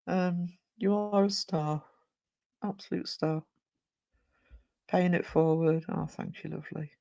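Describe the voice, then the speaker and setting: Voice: mid-range voice, fairly even intonation, slow pace, vocal fry, pauses often, warm tone, no echo. Chatty streamer, dry sound. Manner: rambling, chatty, reads chat messages aloud; frequent fillers and self-corrections. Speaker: live-stream host. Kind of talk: casual live-stream chat.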